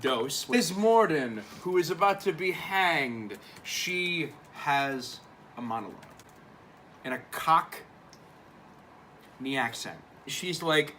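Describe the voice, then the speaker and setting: A man's voice: a little high, lively intonation, unhurried, sharp tone, slight background noise. A man drunkenly retelling a play, rambling and profane, acting out each character in turn. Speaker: drunk storyteller.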